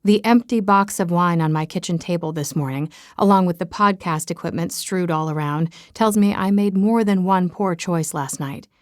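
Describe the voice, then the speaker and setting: A woman's voice: fairly low pitch, moderate pace, few pauses, no room sound, clean studio sound. A woman narrating a romance audiobook in the first person, chatty and self-mocking.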